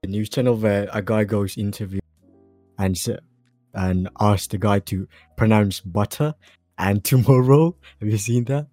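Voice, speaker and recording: A man's voice: lowish voice, a little slow, dark tone, no room sound, faint music behind. A young man co-hosting a podcast, teasing the others with gasps and laughs. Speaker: podcast co-host. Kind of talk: casual chat.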